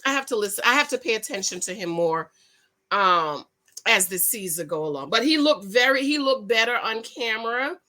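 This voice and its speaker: Female vlogger, casual recap chat, slightly high, bright tone; effusive, rambling, self-correcting. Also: lively intonation, moderate pace.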